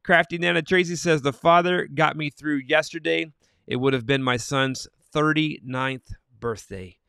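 Guy hosting a faith livestream, reading out chat comments, smooth clear voice, dry close sound. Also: fairly high pitch, steady tone, moderate pace, dry recording. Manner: friendly, reads comments and answers each viewer by name, soft-spoken on sad news. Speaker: host of a Christian morning livestream. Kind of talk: live stream chat, reading viewer comments aloud.

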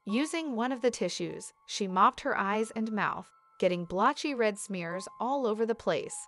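A woman's voice: medium pitch, animated, measured pace, a bit bright, faint music behind. A woman reading a horror story aloud as scripted narration, lightly voicing the quoted lines.

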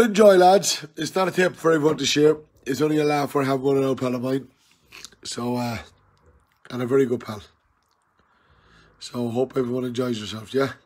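A tipsy man with an Irish accent on a live stream, loudly teasing and challenging an old friend in rowdy banter. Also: mid-range voice. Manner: loud, jokey, challenging and teasing. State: tipsy from drinking.

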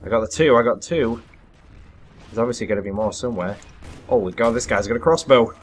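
Excitable young man commenting on gameplay. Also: mid-range voice, fairly quick, a little hiss or hum. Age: young adult. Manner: excitable, self-deprecating, with sudden loud yelps. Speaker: gaming commentator.

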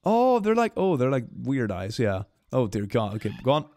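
A man streaming a game, commenting casually and excitably, swinging between gushing and mumbling with frequent laughs. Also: mid-range voice, moderate pace, no room sound.

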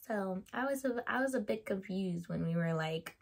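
A woman giving her opinions in a casual vlog, chatty and animated, laughing often and filling her talk with "like". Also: mid-range voice, moderate pace, creaky. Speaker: YouTuber reviewing a TV show.

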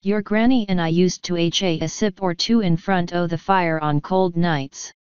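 A woman's voice: lowish voice, steady tone, a little mellow, clean tone, no echo, dull audio, lightly acted. Woman voicing a stern old fairy matriarch. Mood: commanding. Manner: slow, commanding, canny. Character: ancient tiny Scottish-voiced fairy clan mother, stern.

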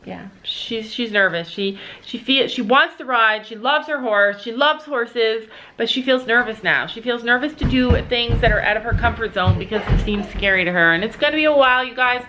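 A woman's voice: on the high side, normal speed, background noise. A middle-aged woman vlogging casually, chatting straight to her viewers in a talkative way. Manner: chatty, often addresses viewers directly. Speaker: family vlogger. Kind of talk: casual vlog talk to camera.

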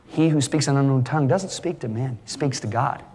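A middle-aged male preacher giving an animated sermon, full of stories, his voice climbing high for the punchlines. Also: a little fast, a little hiss or hum. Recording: long hall reverb.

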